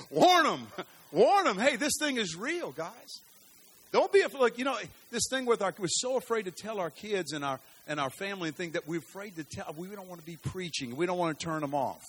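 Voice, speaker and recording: A man preaching a sermon in an animated, folksy storytelling way, swinging from loud bursts to hushed lines. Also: sits high, a little fast, slightly rough.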